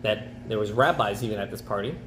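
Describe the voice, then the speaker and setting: In a lowish, slightly bright voice that runs a little fast, a male rabbi recounts a story as an informal, talkative lesson, sprinkling in slang and frequent "okay?". Echoey room, faint noise in the background.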